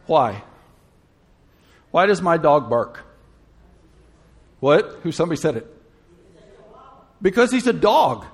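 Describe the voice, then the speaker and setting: High-voiced man preaching a sermon. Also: sing-song, slow pace, long pauses, slightly rough. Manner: conversational, humorous asides, rhetorical questions.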